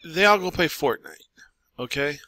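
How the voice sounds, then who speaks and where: A man's voice: on the high side, animated, moderate pace, pushed and bright, dry recording. A man giving an exasperated, repetitive ranting monologue as a gaming commentator.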